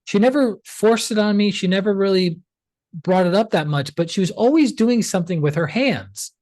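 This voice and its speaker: A man's voice: sits high, animated, normal speed, darkish tone, no echo. A man in his forties, a guest in an interview, telling a personal story in a casual way and acting out past conversations.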